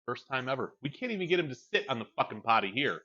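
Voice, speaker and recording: A man's voice: medium pitch, big pitch swings, quick pace, bright, forceful tone, slightly rough, muffled recording. Rambling, profane man livestreaming. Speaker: streamer. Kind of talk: casual chat while livestreaming.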